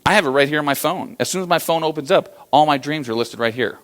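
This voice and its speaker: A man's voice: on the high side, quick pace, a bit bright. A man giving a live motivational talk to an audience, telling stories in a folksy, conversational way. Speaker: motivational speaker.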